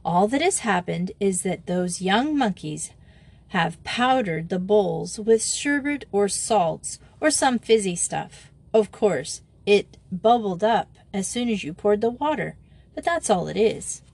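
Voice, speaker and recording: A brisk, decided young headmistress, as a woman reads her lines, kindly but firm with her pupils. Her speech is crisp and sure of itself in a storybook voice. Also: medium pitch, expressive, darkish tone, exaggerated voice.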